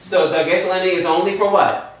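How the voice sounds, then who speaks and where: A man's voice: high-pitched, fairly even intonation, brisk. A man teaching a Hebrew grammar class, explaining rules step by step and quizzing his students. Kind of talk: classroom lesson. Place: class room. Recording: very echoey room, far from mic.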